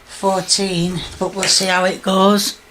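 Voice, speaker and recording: A woman walks through a recipe in a home kitchen, talking slowly and chattily as she works. Her instructions come out unhurried and homely. The clip is noisy, with clatter under her voice. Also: medium pitch, level tone, a bit bright. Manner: slow, chatty step-by-step instructions. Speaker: home cook. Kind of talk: home cooking demonstration.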